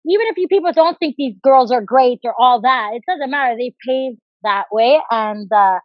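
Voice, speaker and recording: A woman, a professional fighter guest in a casual podcast interview, rambling in fast, animated, profane rants. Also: high-pitched, dry recording. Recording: slightly dull, dry recording.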